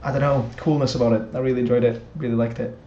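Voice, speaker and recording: A man co-hosting a casual chat, excitable, laughing often and restarting his sentences. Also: medium pitch, racing. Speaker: podcast co-host. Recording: echoey dull lo-fi call audio.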